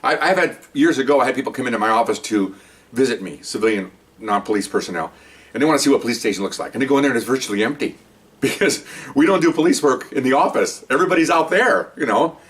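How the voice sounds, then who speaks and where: Fast-talking older retired cop. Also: male voice, mid-range voice, animated, fairly bright tone, far from the mic. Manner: chatty and rambling, with frequent restarts. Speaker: retired police officer telling stories. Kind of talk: casual spoken anecdote.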